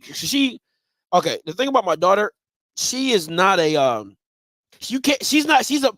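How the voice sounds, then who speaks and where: A man's voice: fairly high pitch, no room sound. A man in his thirties hosting a casual livestream from home, telling stories with lots of repetition. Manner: animated storytelling, repeats phrases. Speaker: livestream host. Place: home, snowed in.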